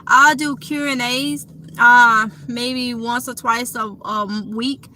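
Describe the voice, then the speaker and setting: A woman's voice: on the high side, fairly even intonation, takes it slowly, bright, forceful tone. A woman with a Mississippi Southern accent hosting a casual live Q&A, chatty and affectionate, calling her viewers honey. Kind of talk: casual live-stream chat reading comments.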